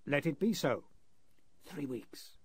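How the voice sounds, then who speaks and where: A man voicing a starved, defiant male captive who answers slowly and firmly, in a 1930s radio drama. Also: a little high, animated, husky, no room sound, pitched above the performer's own voice, heavily acted. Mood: faint. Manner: slow, raised, defiant refusals.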